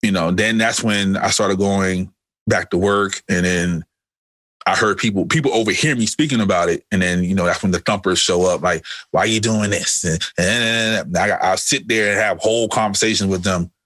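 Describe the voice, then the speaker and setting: Low-voiced man in his thirties. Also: moderate pace. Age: 30s. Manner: animated storyteller who acts out other people's lines. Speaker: podcast co-host. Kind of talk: casual chat.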